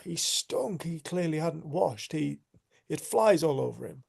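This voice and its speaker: Guy w a really gravelly warm voice, earnest storytelling, lots of restarts. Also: a little high, lively intonation, unhurried. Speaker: community group host. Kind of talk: storytelling in casual conversation.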